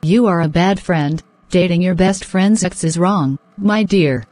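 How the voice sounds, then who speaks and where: A woman voicing a stern, caring middle-aged mother in an animated drama, firm and lecturing. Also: fairly low pitch, a little slow, dry recording. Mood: scolding.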